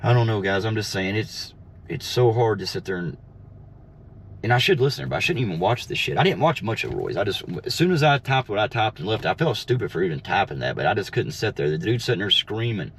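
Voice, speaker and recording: A man with a fairly low voice rants from his car, swearing freely and mocking his rivals. His combative delivery runs over a steady hum of road and street noise. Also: brisk. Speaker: streamer and delivery driver. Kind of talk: ranting livestream monologue. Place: inside a car.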